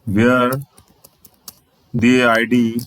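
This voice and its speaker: A man's voice: medium pitch, flat delivery, extremely slow, a bit bright, no echo, rough recording. Man teaching code, repeating himself. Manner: repetitive, restates phrases, spells out letters. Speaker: programming instructor. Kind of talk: screen-share coding tutorial.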